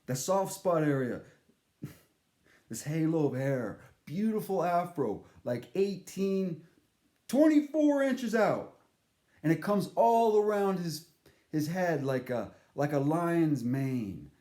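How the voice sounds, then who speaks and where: An animated man tells a rambling story, his pitch swinging high and low as he acts out the people in it. His tone is dark and mellow, and the room around him rings with echo. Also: takes it slowly. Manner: animated, profane, acts out voices he quotes. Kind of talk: casual storytelling monologue.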